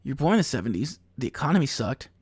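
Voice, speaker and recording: A man's voice: medium pitch, big pitch swings, fast, darkish tone, breathy edge, no room sound. A man in his thirties, a podcast host rambling through a profane comedic monologue and laughing at his own jokes. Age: 30s.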